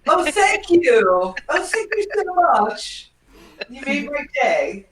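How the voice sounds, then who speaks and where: A woman's voice: high voice, sing-song, takes it slowly, a crowd in the background. A woman chatting as a guest on a casual video call, asking friendly, curious questions. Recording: echoey, distant mic.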